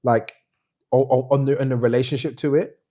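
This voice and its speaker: With a medium-pitched voice at a fairly quick pace, a middle-aged podcast host spins a story in casual chat. Whenever he quotes people, he animatedly switches into put-on voices.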